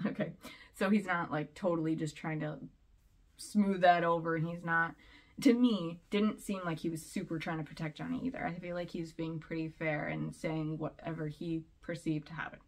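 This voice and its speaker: A woman's voice: low-pitched, steady tone, normal speed. A woman vlogger giving casual commentary, rambling and chatty, often laughing between points.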